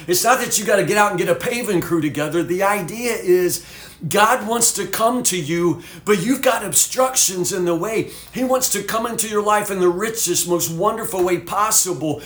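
A man's voice: sits high, a bit bright, echoey room. A man teaching from the Bible as a pastor, folksy and fervent, full of "you know"s.

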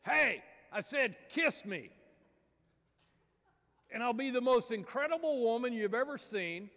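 A man voicing a pushy talking female frog in a high, squeaky, insistent voice. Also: expressive, measured pace, sharp tone, full character voice. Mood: coaxing. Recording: reverberant church hall.

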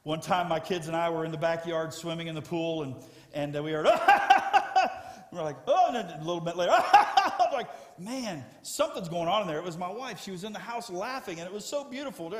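A middle-aged man preaching a sermon as pastor, emotional and animated as he tells stories. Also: sits high, fast talker, hardly any pauses. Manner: emotional, storytelling with rising excitement. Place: church sanctuary. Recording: echoey church hall with music. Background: soft guitar music.

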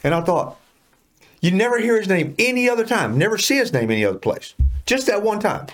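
A man's voice: sits high, big pitch swings, fast, a bit bright, faint music behind. A man co-hosting a casual Bible study discussion, talking in an emphatic, preachy and colloquial way.

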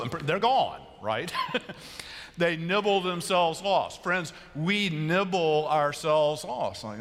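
A man's voice: fairly high pitch, moderate pace. A man preaching a sermon as pastor, telling stories and acting out quotes with humor. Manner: storytelling, animated, acts out quotes and sheep bleats. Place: large church sanctuary. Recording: long church reverb.

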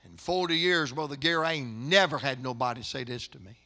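Older preacher man in church telling a story, bright pushy voice, gets loud and fired up. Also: mid-range voice, a little fast. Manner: folksy storytelling that builds to impassioned, shouted preaching. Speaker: pastor. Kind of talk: storytelling sermon.

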